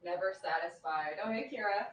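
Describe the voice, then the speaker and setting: A woman's voice: lowish voice, fairly quick. A woman co-hosting a live chat, reading viewer comments aloud and giggling often. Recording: echoey, distant, faint background noise.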